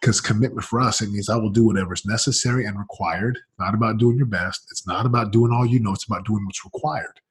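Guy coach chatting about his journey, super raspy voice, kinda low, says man a lot. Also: quick pace, few pauses. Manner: energetic, fillers like "man" and "like"; swings from loud excitement to low murmur. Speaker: business coach, interview guest. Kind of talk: casual storytelling.

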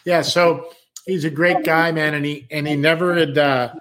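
A middle-aged man from San Diego tells a story in a relaxed chat. His voice sits fairly high for a man. He acts out other people's lines with lively energy, swears casually and often ends sentences with "man". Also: normal speed. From San Diego, California.

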